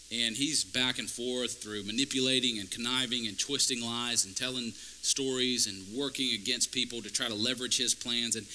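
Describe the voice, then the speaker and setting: Male pastor, sermon delivery, piercingly bright tone, chatty to fiery, faint hum under it. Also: medium pitch, rough recording. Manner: conversational, building to fervent emphasis. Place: church.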